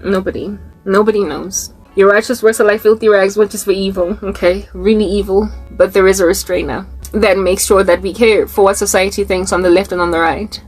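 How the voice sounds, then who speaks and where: A woman's voice: medium pitch, fairly even intonation, a little fast, few pauses, breathy edge. A young woman with a South African accent delivers a loose, prophetic sermon straight to camera. She laughs often and doubles back on words to drive them home. Faint music plays underneath. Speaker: online preacher.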